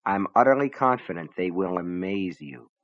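A man voicing a sinister, smooth-talking male shopkeeper in low, comfortable tones. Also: expressive, moderate pace, no echo, dull audio. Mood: menacing.

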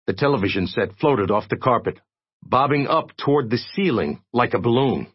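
A man narrating an audiobook with expressive, steady storytelling. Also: medium pitch, moderate pace, husky, dry recording, muffled recording.

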